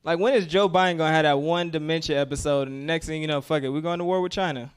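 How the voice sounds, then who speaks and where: Rich: A man doing a stand-up set in a fairly high, smooth voice. He delivers coarse, profane jokes in an easy, laid-back way. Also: fast. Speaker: stand-up comedian.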